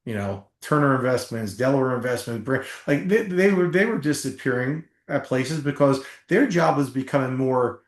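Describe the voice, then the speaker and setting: A man's voice: mid-range voice, moderate pace, hardly any pauses, roomy sound. A middle-aged man from New Jersey, a former football player, telling emphatic stories as a podcast guest. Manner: animated storyteller, emphatic, swears casually. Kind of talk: storytelling interview.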